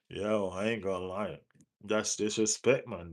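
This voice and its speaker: A man with a Jamaican accent hosting a live football stream, answering viewer chat in relaxed patois-tinged talk and urging viewers to like the page. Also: on the low side, slow pace. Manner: reads out and answers viewer chat, teases, urges likes. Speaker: football livestream host.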